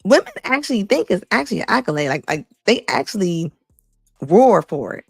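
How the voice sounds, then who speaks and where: Blunt gravelly woman commentator. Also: mid-range voice, sing-song, brisk, no echo, clean studio sound, faint music behind. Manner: blunt, emphatic, repeats lines for effect. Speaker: commentary host. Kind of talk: casual reaction commentary.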